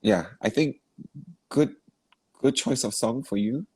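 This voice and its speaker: A man's voice: medium pitch, takes it slowly, darkish tone, husky. A man giving feedback as a vocal coach in an online masterclass, asking probing questions and encouraging with easy laughs. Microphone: video call.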